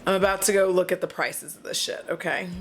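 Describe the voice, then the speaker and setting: Her voice is lowish and fairly quick, with fairly even intonation, as this beauty vlogger chats casually at home reviewing makeup. She's dramatic and profane, often tailing off into small vocal noises.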